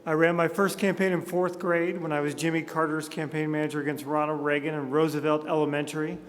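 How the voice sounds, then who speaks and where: A man's voice: fairly high pitch, flat delivery, fast talker, a little hiss or hum. Man telling jokes in an echoey hall. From Montana. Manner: self-deprecating storyteller, jokey asides. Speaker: speaker at a conference. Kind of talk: humorous keynote speech. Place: large conference hall. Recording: echoey hall with long reverb.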